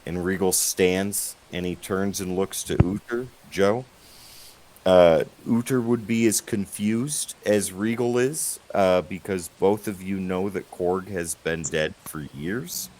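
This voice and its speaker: A man narrating as game master, relaxed and halting. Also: sits low, slight background noise, poor audio.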